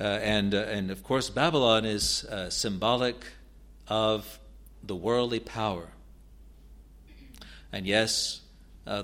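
A man with a fairly low voice teaches verse by verse through scripture. He speaks haltingly, circling back over words before finishing a thought. When he reads the passages aloud, his delivery lifts and gains weight. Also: fairly bright tone. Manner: halting, with frequent restarts and repeated words. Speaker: Bible teacher.

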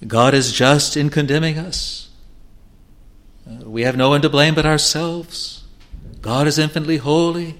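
A man's voice: on the high side, steady tone, moderate pace, a bit bright. A male preacher delivering an evangelistic sermon with earnest, pleading appeals.

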